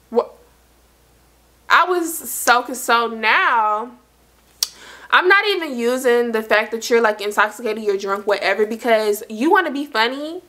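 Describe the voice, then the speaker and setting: Bright-voiced young woman telling a story. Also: on the high side, a little slow. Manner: animated, acts out quoted dialogue, talks to viewers directly. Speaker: storytime vlogger. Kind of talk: casual storytelling.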